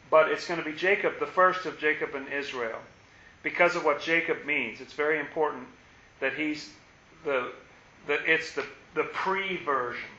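A man teaches on scripture in a musing way that turns emphatic. His voice is bright and a little high. The recording has a lot of room echo and a dull, lo-fi sound. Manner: musing, grows forceful and emphatic. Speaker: Bible teacher. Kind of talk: reflective Bible talk.

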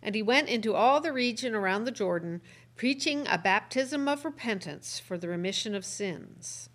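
Woman reading bible verses out loud, steady measured pace. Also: medium pitch. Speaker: scripture reader in Bible study. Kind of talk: reading scripture aloud.

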